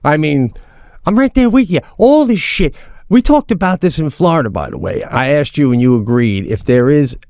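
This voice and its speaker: A man co-hosting a podcast, telling stories in a casual, animated way and swearing often, on a studio mic. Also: a little high, moderate pace, clear, resonant tone, no echo. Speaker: podcast co-host. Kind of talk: casual chat.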